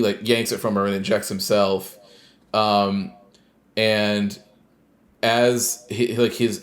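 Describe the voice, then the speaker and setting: A man co-hosting a podcast, casually recapping a game and acting out scenes in snarky mock voices. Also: fairly low pitch. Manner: animated storyteller who acts out scenes in snarky mock voices. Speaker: podcast co-host.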